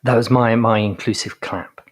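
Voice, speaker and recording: A man's voice: mid-range voice, fairly even intonation, moderate pace, slight background noise. A man co-hosting a live political talk show, dropping wry, joking asides. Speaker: co-host.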